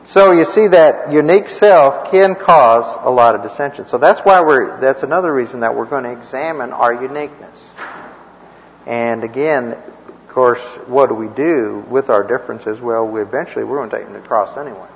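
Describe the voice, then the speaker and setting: With chuckling asides and down-home tales, a man rambles folksily while leading a church class. His gravelly voice is medium-pitched at a normal speed, and the echoey, muffled lo-fi room recording carries a little hiss or hum.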